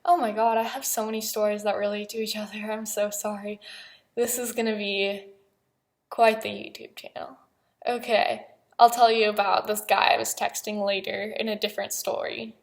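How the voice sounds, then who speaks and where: Flat-voiced hesitant young woman vlogging. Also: mid-range voice, creaky. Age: young adult. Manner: halting, hesitant, many pauses and fillers. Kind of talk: personal confessional vlog.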